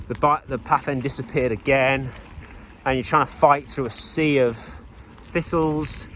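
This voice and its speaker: A man's voice: mid-range voice, a bit bright. Male cyclist, casual on-the-go vlog narration, conversational and self-deprecating, faint outdoor background noise. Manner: chatty, rambling, with self-deprecating asides. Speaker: bikepacking racer vlogging the ride. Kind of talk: casual spoken recap while riding. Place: outdoors on a trail, riding a bike.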